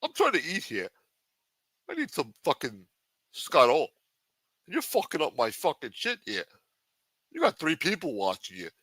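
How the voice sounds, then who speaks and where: A man's voice: fairly high pitch, huge pitch swings, moderate pace, long pauses, sharp tone, husky, no room sound. A man hosting a livestream, talking in a brash, profane mob boss persona. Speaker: livestream show host.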